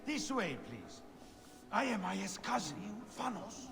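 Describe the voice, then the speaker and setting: A gravelly, secretive young scholar. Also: male voice, sits high, big pitch swings, slow pace, exaggerated voice. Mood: earnest, secretive. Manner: hushed and urgent, earnest. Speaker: scholar, Aya's cousin. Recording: reverberant game audio with background noise.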